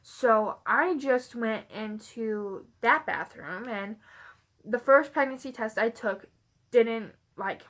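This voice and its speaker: A woman's voice: on the high side, slow pace, a bit bright. A young adult woman vlogging, telling a personal story in a rambling, casual way with many "like" fillers.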